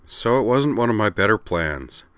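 A man's voice: lowish voice, expressive, moderate pace, fairly bright tone, no room sound, voice pushed up. A man voicing a hearty, wry veteran police captain in a read-aloud story.

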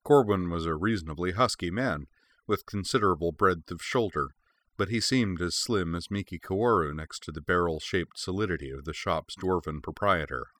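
A man narrating an audiobook in a steady, measured reading. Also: deep voice, no room sound.

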